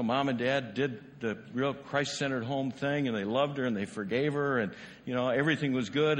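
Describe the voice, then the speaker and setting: Male pastor, fairly high voice, chatty sermon delivery, church hall reverb with faint ambience. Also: a bit bright, a little hiss or hum. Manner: conversational, asks the congregation rhetorical questions. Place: church sanctuary.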